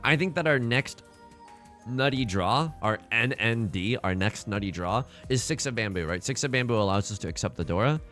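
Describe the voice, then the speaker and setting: A man's voice: medium pitch, animated, moderate pace, fairly bright tone, soft background music. A man hosting a let's play, commentating his game in a playful, joking way and talking to himself with repeated phrases. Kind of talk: gameplay commentary.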